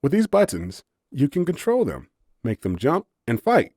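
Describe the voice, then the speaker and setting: A man's voice: fairly high pitch, huge pitch swings, moderate pace, warm tone, no echo, clean studio sound, pitched above the performer's own voice, heavily acted. A man voicing a grumpy, sarcastic young human woman in an audiobook story, blunt and exasperated. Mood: explaining.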